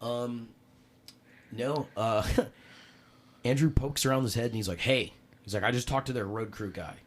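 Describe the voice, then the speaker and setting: A man, a podcast guest, telling a story in casual chat, animated and full of cursing and acted-out quotes. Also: mid-range voice, unhurried.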